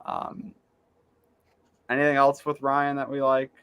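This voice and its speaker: A man's voice: mid-range voice, flat delivery, a little slow, fairly bright tone, clean tone. Man, podcast co-host, casual storytelling, rambling. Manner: rambling storyteller, acts out quotes. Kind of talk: casual chat.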